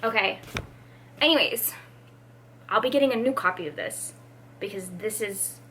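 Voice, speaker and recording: A woman's voice: medium pitch, moderate pace, a little hiss or hum. A young woman vlogging casually about books, chatty and dramatic with lots of fillers. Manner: animated, dramatic, many fillers. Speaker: book vlogger. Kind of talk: casual vlog chat.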